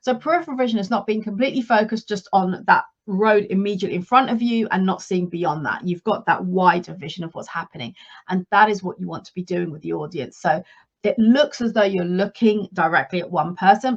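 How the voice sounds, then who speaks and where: A woman coaching her listeners in a solo podcast talk, instructive and steady, stressing key points by repeating them. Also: mid-range voice, a little fast, dull audio. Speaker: leadership and career coach.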